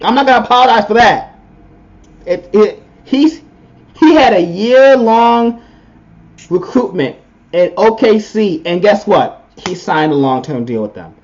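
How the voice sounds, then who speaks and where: A man's voice: high voice, animated, unhurried, darkish tone, lo-fi sound. A man co-hosting a podcast, giving a blunt, opinionated sports rant in casual talk. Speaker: podcast co-host.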